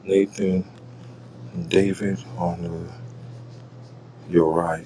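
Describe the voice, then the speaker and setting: A man's voice: low-pitched, little pitch movement, extremely slow, warm tone, a little hiss or hum. Man teaching scripture in casual talk. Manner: reads verses aloud, then explains them in casual slang. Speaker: Bible teacher.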